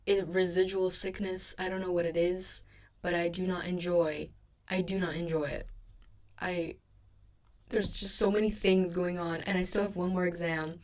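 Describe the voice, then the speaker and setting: A woman's voice: on the low side, level tone, moderate pace, darkish tone. A young woman hosting her own podcast, chatting casually and rambling in a sleepy, self-deprecating way from her bedroom. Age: young adult. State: sleepy, a bit sick in the throat. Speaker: podcast host. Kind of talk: casual solo podcast chat.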